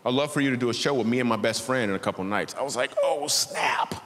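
This comic, a man in his thirties, races through his church stand-up set at medium pitch with a fairly bright tone, acting out voices as he tells a story. The recording comes from a large church auditorium, reverberant with faint ambience.

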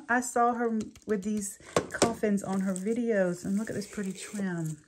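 A woman's voice: mid-range voice, fairly even intonation, moderate pace. A woman chatting through a craft unboxing, gushing and giggly. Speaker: crafting vlogger. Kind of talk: casual unboxing chat. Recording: clear background noise, paper crinkling.

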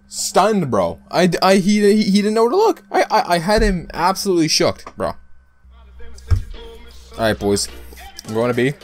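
Young man narrating his own gameplay, pitch leaping all over, blurting and cursing, soft music under. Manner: excitable, loud outbursts, heavy swearing. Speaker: gaming YouTuber. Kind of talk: live gameplay commentary.

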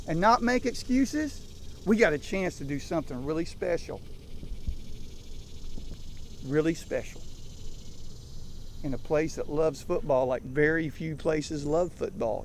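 A man in his fifties coaching a team outdoors, hammering his points with emphatic, repeated lines. His voice sits high for a man. Faint noise and crickets hang in the air behind him. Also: gravelly, darkish tone. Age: 50s. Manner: emphatic, preaching with repeated punchlines. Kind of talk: motivational talk to a team. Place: outdoors in a rural field.

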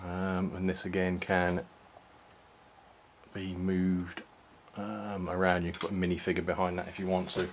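Male hobbyist, lowish voice, relaxed halting show-and-tell, faint room hiss. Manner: unhurried, halting, many ums and restarts. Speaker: toy reviewer. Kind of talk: casual product walkthrough.

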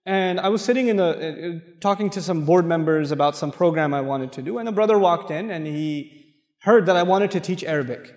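Animated preacher in an echoey hall. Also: male voice, fairly high pitch, fairly quick. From Pakistan. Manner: storytelling, animated, acts out quotes, laughs often. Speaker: lecturer. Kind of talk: mosque lecture. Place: large mosque hall.

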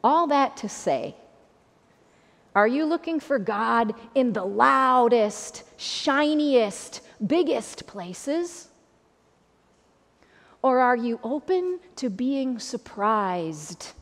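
A woman pastor with an Upper Midwest American accent preaches a sermon in a church sanctuary, her style conversational and repetitive. Her voice is a little high, with lively intonation, and she speaks very slowly. Long church reverb lingers on every phrase.

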